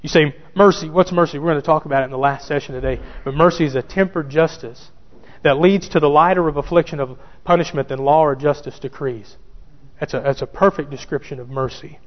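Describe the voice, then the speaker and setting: A man's voice: a little high, steady tone, a little fast. A pastor preaching a sermon who repeats key phrases for emphasis and addresses his listeners directly. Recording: dull church recording with long reverb.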